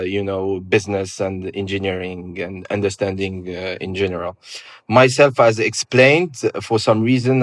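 A man in his thirties from Morocco with a Moroccan French accent, answering interview questions in a relaxed, hesitant way with many pauses. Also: fairly low pitch, dry recording, studio quality. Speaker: guest. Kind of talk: casual interview conversation.

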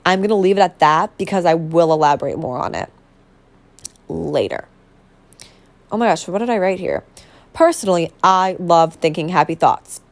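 A woman's voice: fairly low pitch, moderate pace, long pauses. A young woman hosting a casual solo podcast, rambling and bubbly, full of fillers and self-corrections. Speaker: podcast host.

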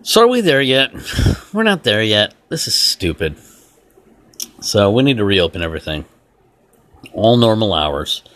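Deep-voiced guy doing a solo podcast rant, blunt and fed up, voice swings up and down a lot. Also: sing-song, unhurried, pauses often, a bit bright. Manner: blunt, exasperated, rambling. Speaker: podcast host.

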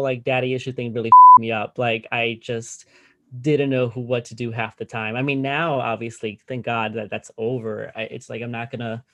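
Young man, podcast guest, sassy, animated, laughing. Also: medium pitch. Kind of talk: casual chat.

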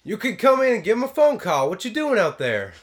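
A man's voice: high voice, huge pitch swings, brisk, pitched above the performer's own voice, full character voice. A man voicing a nosy, boastful middle-aged uncle with a Southern Midwestern accent, in a comedy improv.

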